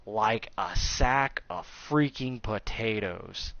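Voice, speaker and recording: A man in his thirties telling a crude, joking story in casual chat, animated and a bit coarse. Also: medium pitch, slow pace, creaky, few pauses, dry recording. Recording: slightly dull recording.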